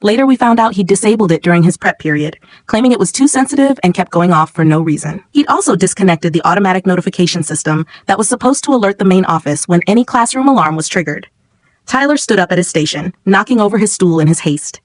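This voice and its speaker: A woman narrating a scripted first-person story in a steady, tense way. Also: mid-range voice, fast talker, no echo, low-quality recording.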